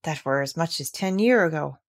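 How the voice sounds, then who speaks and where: A gruff, grumbling old gardener, as a woman reading a storybook puts him on. He speaks in a lively, swinging voice that jumps up and drops low, curt and reluctant. The storybook telling stays close and plain. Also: fairly quick. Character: grumpy old Yorkshire gardener man.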